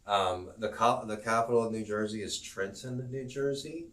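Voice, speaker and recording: A man teaching geography on a live stream, rambling and halting as he goes. His voice sits on the low side. He sounds a little distant from the microphone. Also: a bit bright. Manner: rambling, halting, self-promoting.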